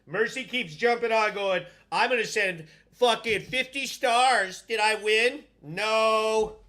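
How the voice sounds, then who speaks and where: A man's voice: high-pitched, slow. Hyped, foul-mouthed male live-stream host. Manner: loud, profane, hyped shout-outs. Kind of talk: profane live-stream comment chat.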